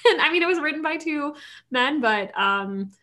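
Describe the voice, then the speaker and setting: A woman co-hosting a podcast, chatting casually about films in an animated, ranting way. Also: high voice. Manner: animated, ranting, quick asides and laughs. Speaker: podcast co-host. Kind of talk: casual movie chat.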